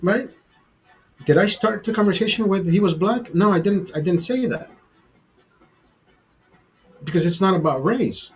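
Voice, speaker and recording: A man's voice: high voice, lively intonation, measured pace, long pauses, slightly rough, low-quality recording. A man telling a story to his camera in a heated, profane rant, repeating himself as he goes. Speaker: vlog host.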